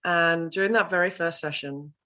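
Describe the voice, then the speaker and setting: Middle-aged woman, vocal coach, lively interview storyteller, low-ish voice, muffled lo-fi audio. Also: normal speed. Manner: animated storyteller, acts out voices in quotes. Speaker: vocal confidence coach and sound healer.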